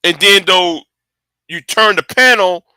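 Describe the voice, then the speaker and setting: A man giving casual rambling commentary, excitable and cursing often, stumbling over and repeating his words. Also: high-pitched, a little slow, smooth, no echo. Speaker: online commentator.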